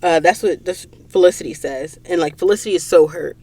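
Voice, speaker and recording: A woman hosting a podcast and recapping a book in a casual, animated way, acting out the characters' lines while sniffling from allergies. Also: fairly low pitch, a little fast, dry recording. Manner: animated storyteller, acts out quoted lines. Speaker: podcast host. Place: recording booth.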